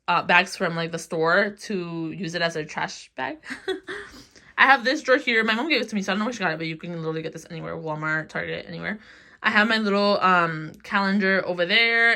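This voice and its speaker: Slightly breathless, a vlogger in her twenties rambles through a relaxed tour of her small bedroom, giggling a lot and padding pauses with "um" and "like." She speaks in a mid-range voice with a bright, forceful tone.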